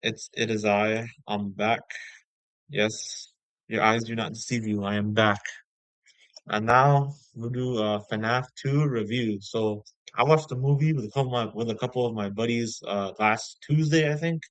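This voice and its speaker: A man's voice: fairly low pitch, fairly even intonation, measured pace, no echo, poor audio. A man giving a casual spoken movie review, rambling and slangy, full of fillers like "bro".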